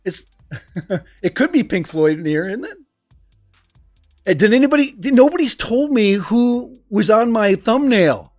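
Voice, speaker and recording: Very animated and speaking at a normal speed in a high-sitting voice, a man hosts a casual livestream from his home room, where he is host and teacher. He rambles and laughs while reading the chat into a desk microphone, recorded dry and close with no room sound and music behind.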